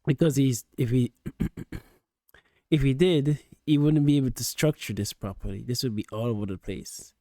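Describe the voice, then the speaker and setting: A man in casual reaction commentary, his voice dark and mellow and close to the mic in a dry, dead room. He talks patiently, stumbles and repeats words as he explains his point. The pitch sits in a middle register. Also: normal speed, dry recording. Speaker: streamer reacting to a video.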